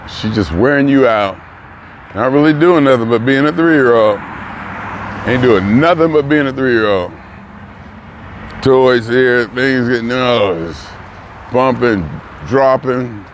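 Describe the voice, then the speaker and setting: A man's voice: mid-range voice, animated, slow pace, pauses often. An older man vlogging in a casual, musing way, trailing off mid-thought as he reflects aloud. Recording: noisy outdoor traffic. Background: passing cars and street ambience.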